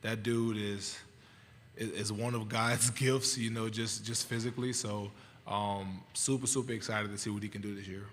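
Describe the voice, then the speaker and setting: Calm low-voiced young man. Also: moderate pace. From Louisiana. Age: 20s. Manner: calm, thoughtful, many fillers and restarts. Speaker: college football player at press conference. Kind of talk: press conference answers. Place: large media hall. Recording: long reverb of a large hall, faint noise.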